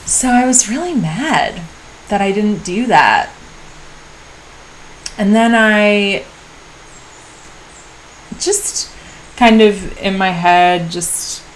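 A woman speaks in a slow, unhurried diary-style monologue and thinks aloud with frequent pauses and restarts. Her voice sits a little low. Faint ambient noise runs beneath the recording. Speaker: podcast host. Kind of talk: reflective personal diary monologue.

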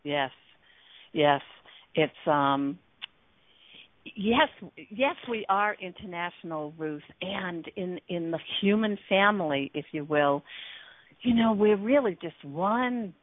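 A woman's voice: fairly low pitch, animated, slow pace, no echo. A woman hosting an internet radio talk show as a relationship coach, speaking earnestly with many fillers and restarts. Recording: tinny dry phone line.

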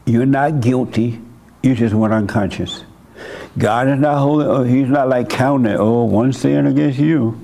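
An older man, host and leader of a church meeting, counsels a congregation member with blunt, folksy spiritual advice. His mid-range voice is gravelly and dark, at a moderate pace, and he chuckles now and then.

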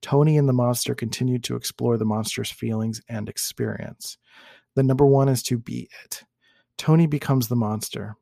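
A man hosting a teaching talk, reading a case study aloud in a measured, explanatory way and sometimes correcting himself. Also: mid-range voice, steady tone, vocal fry, dark tone, no echo, studio quality. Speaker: host and teacher.

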